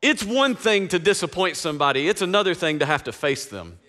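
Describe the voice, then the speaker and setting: A man's voice: sits high, animated, a little fast, bright, forceful tone. A male pastor preaching a sermon in a casual, slangy, conversational way with frequent asides to the congregation.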